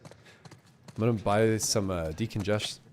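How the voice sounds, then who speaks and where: A man's voice: fairly low pitch, slow pace, darkish tone, a little hiss or hum. A man streaming a game live, chatting casually and cheerfully thanking donors, a bit congested. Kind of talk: casual live gameplay commentary.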